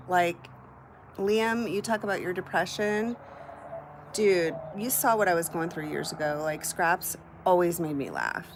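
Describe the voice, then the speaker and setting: A middle-aged woman chats candidly with her viewers on a home livestream, her voice sitting low for a woman. She talks loosely and swears without a second thought. Faint room ambience hums behind her. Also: a little hiss or hum. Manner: chatty, candid, swears casually. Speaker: live-stream host. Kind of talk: casual chat with live viewers. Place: at home, indoors.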